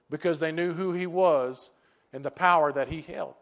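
An older male preacher delivers an earnest sermon in a voice pitched a little high for a man. He doubles back on his key phrases and leans on rhetorical questions to drive each point home. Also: normal speed, a bit bright.

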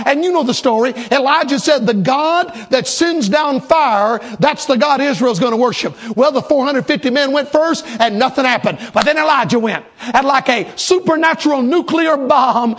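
A man's voice: very high voice, a bit bright. A man preaching a sermon, with rhythmic, emphatic repetition and a storytelling turn.

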